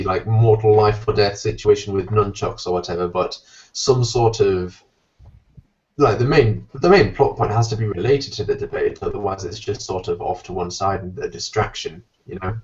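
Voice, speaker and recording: A man's voice: fairly low pitch, a little mellow. A non-American man hosting a casual podcast chat, rambling and joking as he talks over a voice call. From outside the United States. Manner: rambling, chatty, quick to joke. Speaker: podcast host. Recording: distant, dull lo-fi online call.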